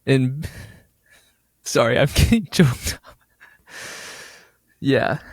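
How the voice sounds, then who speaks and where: A man's voice: medium pitch, lively intonation, very slow, long pauses, no echo, studio quality. A man co-hosting a podcast, speaking in an earnest, mock-sentimental way in casual chat. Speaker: podcast co-host.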